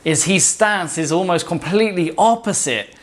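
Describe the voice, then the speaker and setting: Opinionated man, slightly high voice. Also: normal speed. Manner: rambling, often stops and restarts words mid-sentence; opinionated and emphatic. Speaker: video essay host. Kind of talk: casual film commentary.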